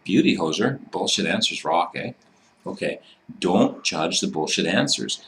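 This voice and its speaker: A man's voice: deep voice, lively intonation, unhurried, a bit bright. A man teaching in a loose, casual way, swearing freely and ending many sentences with "eh". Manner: loose and profane, tags sentences with "eh". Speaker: instructor. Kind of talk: casual instructional talk.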